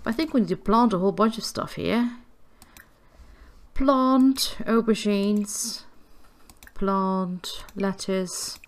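A woman's voice: mid-range voice, slow pace, long pauses. Giggly woman narrating gameplay. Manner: chatty, giggly, coos at game characters. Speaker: gameplay video creator. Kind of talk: casual gameplay commentary.

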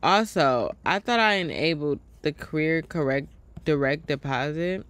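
Speaking a little slowly in a deep voice, this female gaming streamer gives casual let's play commentary full of profanity. She's animated and keeps addressing her viewers directly.

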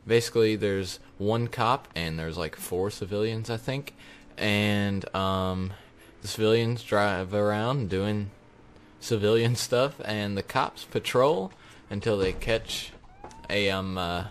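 A man's voice: fairly low pitch, slow pace, slight background noise. A young man hosting a casual gaming video, rambling with lots of ums and uhs and laughing easily. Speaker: gaming YouTuber host.

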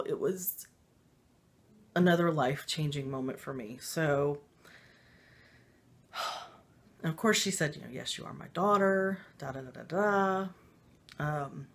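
A woman casually telling a personal spiritual story, rambling with many fillers and little laughs, emotional and confiding. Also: low voice. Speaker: spiritual vlogger.

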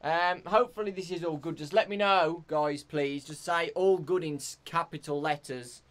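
A young man from England giving live commentary as he plays a horror game, jumpy and prone to yelping and shouting in fright. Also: a little high, moderate pace. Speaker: streamer.

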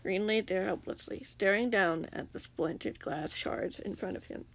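A woman's voice: medium pitch, moderate pace. A woman narrating her own fan story in a casual reading, with self-corrections and chatty asides. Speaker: fanfiction narrator.

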